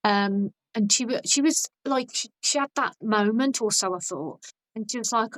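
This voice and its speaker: A woman guest on a podcast, chatting casually and telling stories in a blunt, animated way with frequent restarts. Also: a little high, normal speed, no echo, low-quality recording. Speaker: podcast guest, vegan activist.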